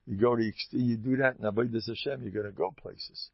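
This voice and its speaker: A man's voice: mid-range voice, steady tone, brisk, creaky, slightly rough, no echo. A man giving an informal, emphatic Torah talk as a teacher, often repeating phrases for stress. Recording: dull lo-fi dry recording.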